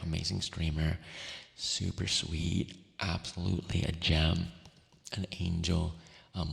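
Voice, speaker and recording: A very deep, gravelly male voice speaks gently, drifting between a soft whisper and quiet talk as he closes an ASMR stream. His tone is affectionate and easy, with frequent little laughs. A long reverb trails his words over faint background music.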